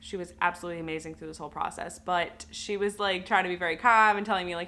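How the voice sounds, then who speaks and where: Woman vlogger, bright voice, emotional candid personal storytelling. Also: medium pitch, quick pace, few pauses. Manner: emotional, candid, with many fillers. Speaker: vlogger telling her birth story.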